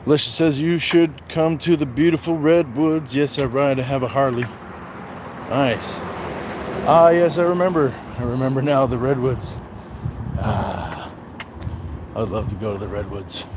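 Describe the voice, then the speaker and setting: On a night walk, a male livestream host greets viewers by name and answers their comments in an easygoing way. His voice is medium-pitched and his pace normal, with a noisy background behind him.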